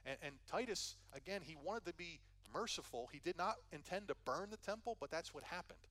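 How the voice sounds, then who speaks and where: A man's voice: high voice, expressive, brisk, sharp tone. Earnest man teaching a sermon. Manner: conversational, earnest, frequent restarts and "right?" asides. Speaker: pastor.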